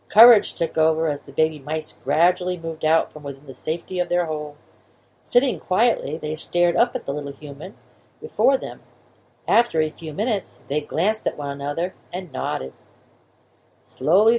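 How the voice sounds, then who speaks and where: A woman reading a children's storybook aloud in a gentle, expressive way, doing sound effects for the story. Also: on the low side, husky.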